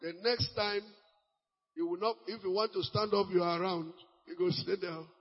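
A man with a Nigerian accent preaching a sermon as pastor, lively and mixing Pidgin, sometimes breaking into shouts. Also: high-pitched, moderate pace, husky. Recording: muffled, long hall reverb.

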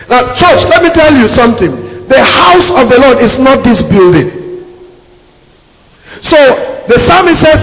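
A man's voice: extremely high pitch, sing-song, measured pace, a bit bright. A man preaching a sermon as pastor, emphatic and repeating his key phrases to the congregation. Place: church hall. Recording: echoey hall with long reverb.

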